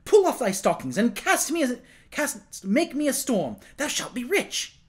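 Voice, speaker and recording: A man's voice: very high voice, big pitch swings, a little slow, breathy edge, voice pushed up, exaggerated voice. A man voicing an eager, earnest young boy king who urges and pleads in a storybook reading. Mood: kindly insistent. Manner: earnest, urging.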